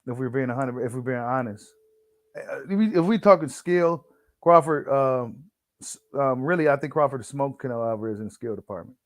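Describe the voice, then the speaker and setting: A man's voice: medium pitch, brisk, no room sound. A man hosting a casual boxing commentary, slangy and full of fillers, who repeats himself and reads an article aloud to his viewers. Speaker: boxing channel host.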